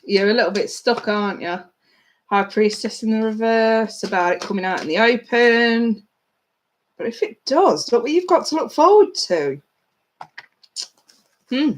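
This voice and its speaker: A woman runs a live tarot session for her viewers, her voice sitting a little higher than most. She talks to them in a chatty, blunt way and swears casually. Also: animated, a little slow, long pauses. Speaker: tarot reader. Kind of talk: live-stream tarot reading.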